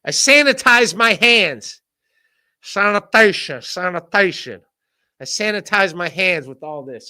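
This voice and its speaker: High bright-voiced man ranting profanely. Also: expressive, measured pace, clean tone. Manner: rambling, profane, laughs often, mock-shouts quoted people. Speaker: podcast host. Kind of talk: casual solo rant.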